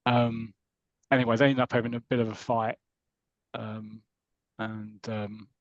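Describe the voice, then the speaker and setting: With a lowish, level voice and a slightly slow pace, a man co-hosting a podcast rambles through a comic story's plot, using quoted voices and laughs. The recording has no room sound and sounds muffled.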